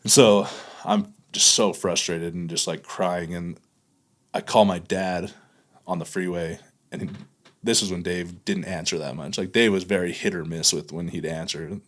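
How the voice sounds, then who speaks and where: A man, a podcast guest, recounting a painful memory in a halting way, full of fillers and restarts. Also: low-pitched, a bit bright. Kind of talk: candid podcast conversation.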